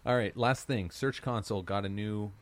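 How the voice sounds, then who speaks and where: A man's voice: fairly low pitch, normal speed, a little hiss or hum. A man hosting a podcast, who teases his co-hosts and moves the conversation to new topics. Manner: teasing, leads topics. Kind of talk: casual podcast chat.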